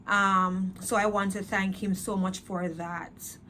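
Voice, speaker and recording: A woman giving a personal faith testimony in a slow, reflective, earnest way, pausing often with fillers and speaking openly about her feelings. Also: mid-range voice, level tone, sharp tone, a little hiss or hum. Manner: earnest, emotionally open.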